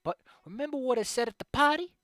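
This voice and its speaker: A man reading the lines of a remorseful young man in a fanfic, with a flat, slightly wry delivery. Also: very high voice, fast, no echo, clean studio sound, voice pushed up, exaggerated voice. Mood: regretful.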